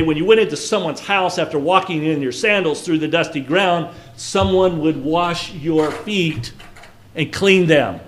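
A man's voice: a little high, a little hiss or hum. A man giving a casual Bible lesson, talking conversationally and asking his listeners questions. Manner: conversational, asks the listeners questions, frequent restarts. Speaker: Bible teacher.

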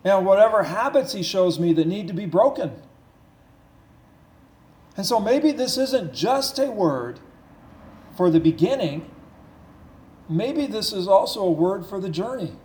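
A man's voice: high-pitched, very animated, darkish tone. Earnest male preacher in echoey room. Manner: earnest, repetitive preaching with slowed emphasis and rising intensity. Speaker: pastor. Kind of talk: sermon.

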